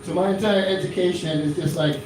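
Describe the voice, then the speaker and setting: A man's voice: high-pitched, fairly even intonation, a little fast, darkish tone, slight background noise. A man in his thirties from Florida doing a rambling stand-up comedy set in a small club, full of fillers and restarts. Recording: echoey club from a distant mic.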